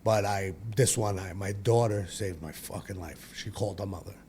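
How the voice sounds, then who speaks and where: A man's voice: on the low side, moderate pace, darkish tone, a little hiss or hum. A man, telling his own story as a podcast guest in a blunt, profane, rambling way. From Brooklyn, New York. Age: 40s. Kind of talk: candid personal storytelling.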